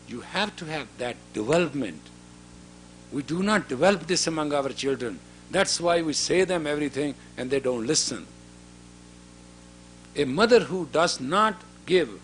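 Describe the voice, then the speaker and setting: A man's voice: fairly high pitch, a bit bright, slight background noise. A man in his fifties, a spiritual teacher giving a lecture to a women's class, talking directly and scolding, often turning questions on his listeners. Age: 50s. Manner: direct and admonishing, asks the audience questions.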